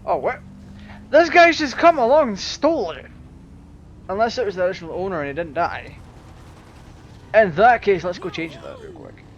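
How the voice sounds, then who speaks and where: A man giving casual, jokey commentary over his own gameplay, chatting to viewers and reacting excitably. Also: high voice, moderate pace, long pauses, muffled recording. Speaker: gaming YouTuber.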